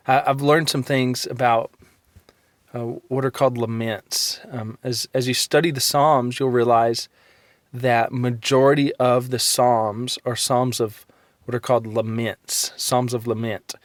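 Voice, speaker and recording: A man's voice: mid-range voice, dry recording. Guy giving a little faith pep talk, earnest, lots of ums, mid voice, dead dry room. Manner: earnest, encouraging, with frequent ums and restarts. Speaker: Christian encourager. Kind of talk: short devotional talk.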